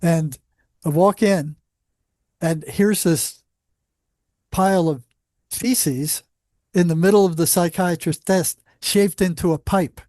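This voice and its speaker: A man who worked as a psychologist on a psychiatric unit, telling animated anecdotes in a casual interview with lots of restarts. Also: high voice, takes it slowly, long pauses, no echo, studio quality.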